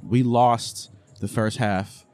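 A male podcast co-host in casual comedy chat, given to crude, playful banter. His voice sits at an ordinary middle pitch. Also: steady tone, takes it slowly, darkish tone.

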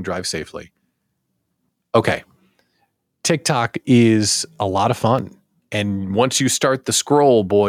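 Animated, jokey male live-show host. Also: fairly low pitch, dry recording, clean studio sound. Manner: jokey, animated, self-deprecating asides. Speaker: host of a daily live show for small business owners. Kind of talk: casual live-show monologue.

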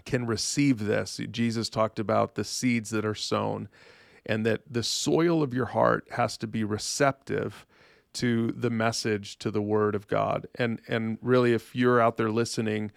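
A man's voice: fairly low pitch, fairly even intonation, measured pace, gravelly, no echo, clean studio sound. A man hosting a faith podcast, speaking earnestly and directly to his listeners. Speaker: podcast host.

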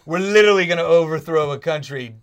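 A man's voice: on the high side, fast, background noise. A man with a slightly raised voice co-hosts a loose, casual chat. He jokes a lot, rambles, and breaks off his sentences, then restarts them. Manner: joking, rambling, self-interrupting. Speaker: podcast co-host.

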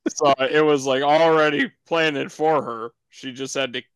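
A man's voice: a little high, fairly even intonation, unhurried, smooth, no echo. A man co-hosting a casual podcast, telling a story in a laid-back way. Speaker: podcast co-host. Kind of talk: casual chat.

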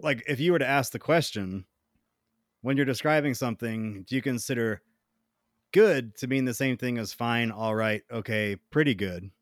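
A man chats casually as a podcast co-host, rambling through his points. His voice sits at an ordinary pitch. The sound is dry and close, with no room around it. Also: normal speed, no room sound. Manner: rambling, acts out quoted friends in funny voices. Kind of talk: casual chat.

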